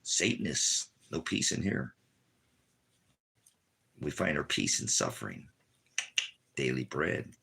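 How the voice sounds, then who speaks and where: A man preaching an informal home sermon with fervent delivery that swings from low murmurs to shouted warnings. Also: sing-song, slow pace, creaky, pauses often, husky.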